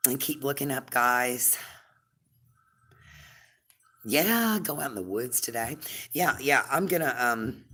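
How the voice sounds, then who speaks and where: A woman hosting a casual live stream, rambling and chatty, full of fillers and warm toward her viewers. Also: extremely low pitch, animated, slow, long pauses, slightly rough.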